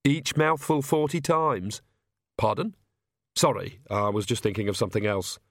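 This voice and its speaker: A man doing a deadpan young woman. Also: on the low side, normal speed, no echo, studio quality. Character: dry, sharp-tongued young woman.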